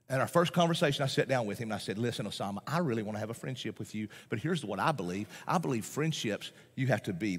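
Folksy preacher in a reverberant hall. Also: male voice, mid-range voice. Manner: folksy, emphatic, repeats phrases, laughs often. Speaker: pastor. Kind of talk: sermon. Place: large church auditorium.

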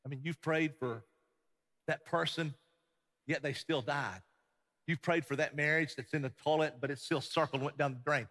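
A man preaches a sermon in a big reverberant hall. His voice sits a little high and comes across bright and forceful. He swings between loud emphatic passages and quiet, hushed ones. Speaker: pastor.

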